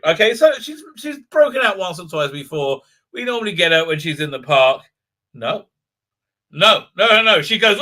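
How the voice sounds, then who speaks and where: High bright animated man. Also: fairly quick. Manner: animated storytelling, many fillers and repeats. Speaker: livestream host. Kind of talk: rambling live-stream chat.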